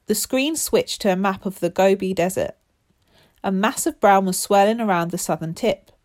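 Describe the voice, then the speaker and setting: Woman reading a kids book out loud, steady, medium voice. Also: mid-range voice, normal speed. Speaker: narrator. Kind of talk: reading a children's book aloud.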